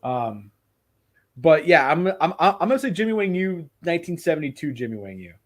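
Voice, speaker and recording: A man's voice: fairly high pitch, very animated, fairly quick. A man hosting a casual podcast chat, talking with enthusiasm and rambling a little, with casual swearing.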